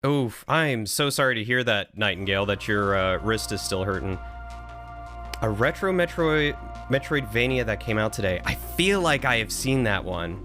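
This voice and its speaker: A man's voice: on the low side, animated, normal speed. Male streamer, casual live chat, answers viewers, faint music behind. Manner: rambling, reading and answering chat.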